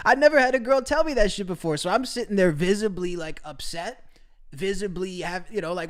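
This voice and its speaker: A man's voice: high-pitched, lively intonation, a little fast. Laughing, cursing male streamer. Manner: crude, laughing, brotherly slang. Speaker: live streamer. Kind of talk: casual live-stream commentary.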